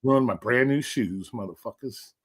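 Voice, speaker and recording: A man hosting a casual livestream chat, telling profane, animated stories about his past. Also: medium pitch, brisk. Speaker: host. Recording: livestream call audio.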